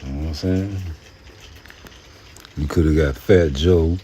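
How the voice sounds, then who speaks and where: Deep dark voiced dude w/ ranting about boxing, cussing, rambling on. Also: male voice, a little slow, a little hiss or hum. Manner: profane, rambling, slips into mocking put-on voices. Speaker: boxing commentator. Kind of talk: casual rant to camera.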